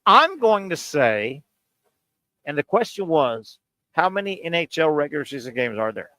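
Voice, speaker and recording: A man bantering through a sports radio trivia game, his fairly high voice leaping all over the place. He goes from shouting to mumbling and jokes constantly. The studio sound is close and dry. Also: normal speed, no room sound. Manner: loud, excitable, jokey, swings between shouting and mumbling.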